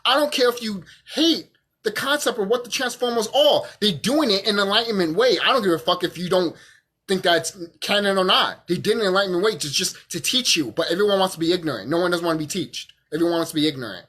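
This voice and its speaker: A man talking to camera while drunk, his husky voice riding high and swinging up and down as he makes his points. He stutters a little, swears freely and repeats lines for emphasis. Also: lively intonation, fast talker, bright, forceful tone. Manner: profane, emphatic, repeats himself. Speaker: vlogger. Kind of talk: rambling monologue to camera.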